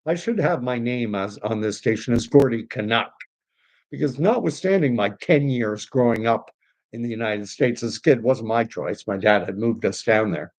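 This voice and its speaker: A man's voice: medium pitch, expressive, normal speed. A man with a mid-range voice hosts a casual livestream and reads viewer comments aloud. He rambles with eager enthusiasm and often restarts his sentences. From Canada. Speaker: online commentary host.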